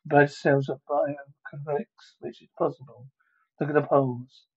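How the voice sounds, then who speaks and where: A man's voice: fairly high pitch, level tone, a little slow, husky, dull audio. A man reading a whole movie script aloud alone, voicing every part and calling out the sound effects himself. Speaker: solo reader of a movie script. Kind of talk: one-man dramatic script reading with spoken sound cues.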